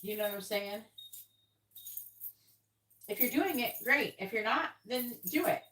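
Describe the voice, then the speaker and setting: A woman's voice: a little high, lively intonation, measured pace, a bit bright, faint music behind. A woman giving a live-stream tarot reading in a blunt, casual manner, swearing freely. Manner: blunt, casual, swears, acts out quoted voices. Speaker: tarot reader.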